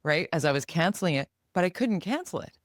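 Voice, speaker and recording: Podcast co-host, Canadian woman, middle-aged, animated storyteller, dry close mic. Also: fairly low pitch, dry recording. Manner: animated, quick to act out quoted voices. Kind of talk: casual chat.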